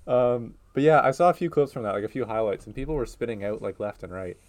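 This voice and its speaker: A man's voice: mid-range voice, fast, darkish tone. A man co-hosting a casual chat show, talking in a laid-back, hesitant way with many fillers. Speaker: podcast co-host.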